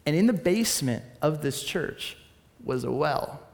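A man preaching a sermon, telling stories in a lively, animated way, swinging between soft asides and excited bursts. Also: on the high side, unhurried, creaky, long reverb tail. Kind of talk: sermon with personal storytelling.

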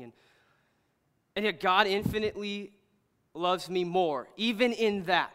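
A young man preaching a casual storytelling sermon, earnest and animated, often saying "like" as he talks. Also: sits high, a little slow, long pauses, clear, resonant tone. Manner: earnest, animated, heavy use of "like". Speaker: pastor. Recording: long hall reverb.

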